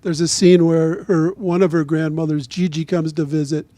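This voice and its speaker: A man's voice: a little high, little pitch movement, moderate pace, dark tone, no echo. A man interviewing an author at a book event, asking engaged, prompting questions. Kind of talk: conversational interview.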